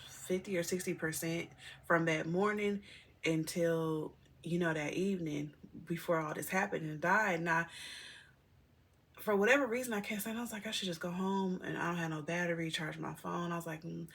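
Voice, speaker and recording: Gravelly, bright-toned woman telling her story. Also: on the low side, normal speed. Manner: emotional, rambling, talks directly to viewers as y'all. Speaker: single mother vlogger. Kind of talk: candid personal storytelling to camera.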